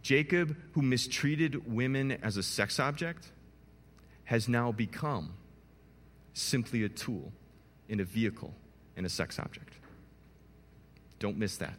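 A man preaching a sermon as a pastor, telling the story in an animated way with playful asides to his listeners. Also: medium pitch, measured pace, long pauses, a little hiss or hum. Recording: long hall reverb.

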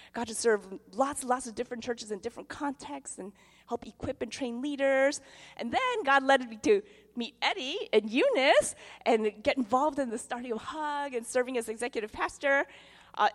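A middle-aged woman pastor giving a testimony sermon, telling her story in an animated way and acting out the voices in it. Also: on the high side. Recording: long hall reverb.

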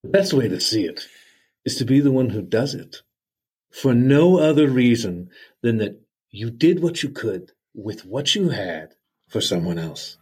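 Jolly old santa claus played by a man, folksy, chuckling, lively pitch, husky. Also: a little slow. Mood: heartfelt. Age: older. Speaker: interview guest.

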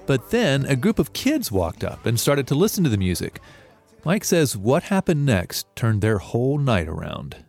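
A man's voice: medium pitch, big pitch swings, normal speed, darkish tone, faint music behind. A man narrating a news feature in a conversational tone, speaking straight to the listener.

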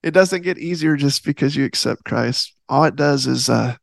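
Earnest rambling man, gravelly. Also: mid-range voice, normal speed, no echo. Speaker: podcast host. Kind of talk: casual faith podcast talk.

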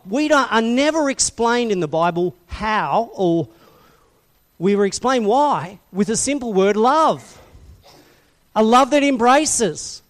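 A man with a light, high voice preaching a sermon in a church hall. He puts questions to the congregation and swings between near-shouted emphasis and soft, hushed lines. His delivery is passionate and heartfelt. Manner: passionate, rising to loud emphasis then dropping soft. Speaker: pastor.

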